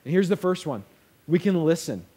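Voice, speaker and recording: Young guy preaching, laid back storyteller, kinda higher pitched, acts out the quotes. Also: lively intonation, a little fast, dark tone, breathy edge. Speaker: pastor. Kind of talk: sermon.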